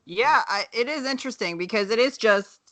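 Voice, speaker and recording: A podcast co-host from the American South with a light Southern accent, chatting frankly, swearing freely and laughing often. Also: female voice, a little high, animated, a little fast, fairly bright tone, no echo. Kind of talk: casual chat.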